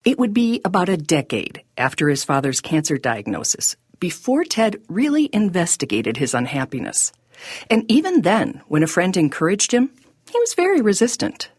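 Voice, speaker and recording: A woman hosting a podcast, reading scripted narration in a measured, reflective way. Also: lowish voice, very animated, a little mellow, slightly rough, no room sound, studio quality. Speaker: podcast host.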